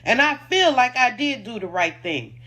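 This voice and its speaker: A woman's voice: a little high, big pitch swings, moderate pace, sharp tone. A woman who owns a food truck, defending herself in an emotional, indignant personal statement and repeating points for emphasis.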